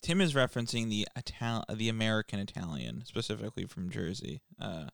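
Wry podcast co-host, man, smooth mid voice, halting delivery. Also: on the low side, lively intonation. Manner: amused, wry, hesitant with many restarts. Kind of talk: casual podcast chat.

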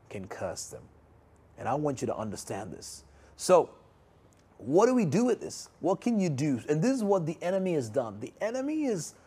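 A man with a slightly husky voice delivers a sermon. He speaks earnestly and pleadingly, returning to the same phrases for emphasis. He often sinks into a soft, low delivery before lifting again. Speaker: preacher.

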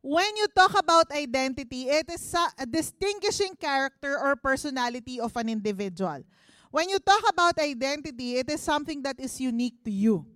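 A woman's voice: high-pitched, animated, fairly quick, a bit bright, dry recording, studio quality. A woman pastor with a Filipino accent giving a conversational sermon, putting questions to the congregation. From Philippines. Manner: conversational, mixes Tagalog into English, asks the congregation questions. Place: church service.

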